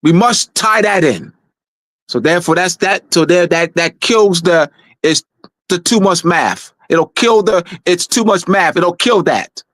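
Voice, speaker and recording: A man's voice: high voice, measured pace, a bit bright, no room sound. A man giving an emphatic lecture-style talk, hammering points home with repetition and restarts. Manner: insistent, repeats key points, frequent restarts. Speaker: presenter of a weekly talk show.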